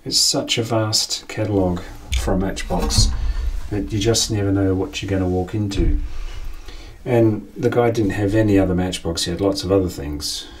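A man's voice: low-pitched, moderate pace. A man, hosting a casual collecting vlog as an enthusiastic, chatty storyteller. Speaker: collector and channel host. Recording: distant from the mic.

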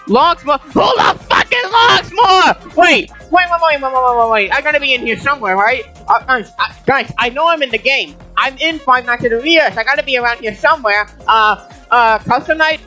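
A woman's voice: a little high, fairly quick, bright, forceful tone, soft background music. A woman YouTuber in a comedic gaming vlog, talking in a whiny, panicky, melodramatic way and often breaking into shrieks.

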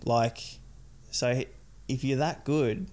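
A man's voice: mid-range voice, fairly even intonation, slow pace, a little mellow. A young adult man chatting casually as a podcast guest, rambling and filling his sentences with "like". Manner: rambling, heavy use of "like". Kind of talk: casual chat.

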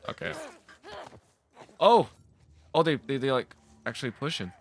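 A man's voice: mid-range voice, very animated, a little slow, a little hiss or hum. A man giving casual commentary while playing a game, jumpy and exasperated, often swearing and laughing. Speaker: let's play gamer.

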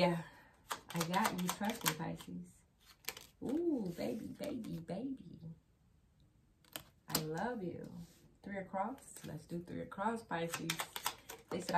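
A woman with a fairly low voice gives a casual tarot reading, chatting directly to her viewers and circling back to the same phrases again and again. The recording carries clear background noise and the sound of shuffling cards. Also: slow, pauses often. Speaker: tarot card reader.

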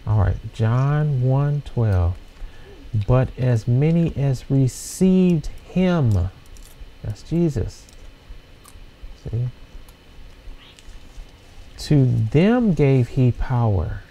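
Male preacher, bible study; unhurried, phrase-by-phrase delivery, dark tone, asks "See?" a lot. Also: medium pitch, lively intonation, rough recording. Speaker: preacher leading a scripture study. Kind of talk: informal bible teaching, reading verses and explaining them.

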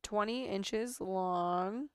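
A woman's voice: medium pitch, very slow, clear, resonant tone, no room sound, studio quality. A woman chatting casually at home as she works on a sewing pattern and coos baby talk to her cat. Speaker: sewing vlogger. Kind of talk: casual chat while sewing.

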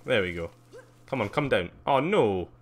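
A man giving live gameplay commentary, excitable, squealing at jumps, laughing often and chatting with viewers. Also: mid-range voice, normal speed. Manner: excitable, squeals gleefully at jumps and mocks himself; chats with viewers while playing, laughs often. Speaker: streamer playing a video game.

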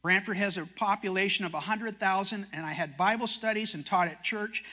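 Older Canadian man preaching to a room, high and bright voice, folksy storyteller with quoted dialogue. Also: fairly quick. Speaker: prophecy teacher and TV host. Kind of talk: sermon-style storytelling talk.

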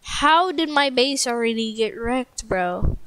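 A woman hosting casual gameplay commentary at a home computer mic, excitable, shrieking and joking while she plays. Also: a little high, slow, clear, resonant tone. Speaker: gaming channel host.

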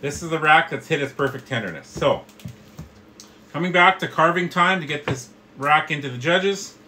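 A middle-aged man teaches a live barbecue class in a bright, clear, rather high voice. He explains each step to his viewers in a friendly, chatty way. A faint outdoor hum sits behind him. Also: animated, moderate pace, low-quality recording. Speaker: barbecue instructor and host. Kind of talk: live cooking tutorial.

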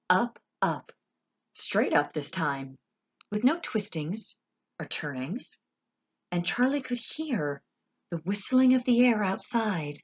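A woman narrating a children's story with an expressive, animated reading. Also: on the low side, husky, lo-fi sound. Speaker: audiobook narrator.

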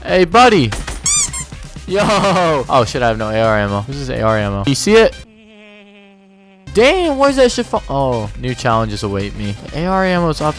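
Brief: young gaming host, swooping lively voice, cursing and self-mocking over background music. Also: male voice, mid-range voice, normal speed, pauses often. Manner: profane, excitable, self-mocking banter. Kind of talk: gameplay commentary.

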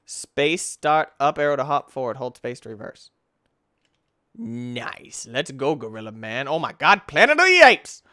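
A young man giving let's-play commentary, tired and yawning, breaking into excited yelps and shouts. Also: medium pitch, a little slow, no echo, clean studio sound. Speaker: gaming YouTuber.

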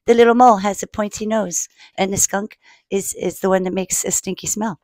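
A woman hosting a children's storytime, reading a picture book aloud in a playful, animated way and asking the listener questions. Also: mid-range voice, a little fast, dry recording.

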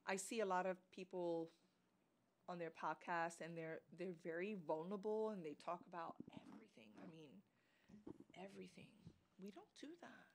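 A woman's voice: on the low side, fairly even intonation, normal speed, creaky, a little hiss or hum. A woman co-hosting a podcast in casual chat, speaking thoughtfully and often restarting as she searches for words. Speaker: podcast co-host.

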